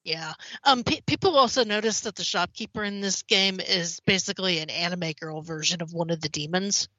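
A woman co-hosting a gaming podcast, reading news in casual chat, a little hoarse, with lots of ums. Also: fairly low pitch, a little fast, pushed and bright, no room sound. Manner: chatty, many ums, slightly hoarse. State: slightly hoarse. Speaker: podcast co-host. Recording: slightly dull, dry.

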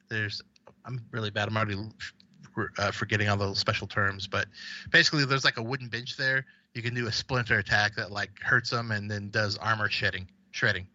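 A man rambles casually about games on a podcast, his voice very bright and forward. The sound is dry and close, though a little dull in band. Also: lowish voice, no echo. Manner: rambling, with many fillers and restarts. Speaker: podcast co-host.

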